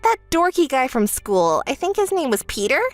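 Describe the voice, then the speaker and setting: With a sing-song lilt at normal speed, a woman voices a smug, spoiled young bride ordering her sister around for a texting-story voice-over. The character is self-centered, whiny and bossy, turning shrill in anger; there's no room sound, only soft background music.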